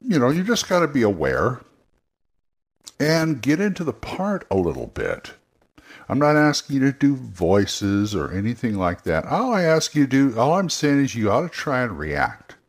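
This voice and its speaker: A man's voice: medium pitch, huge pitch swings, moderate pace. A man hosting a podcast, talking casually and rambling with many restarts. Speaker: podcast host, game master.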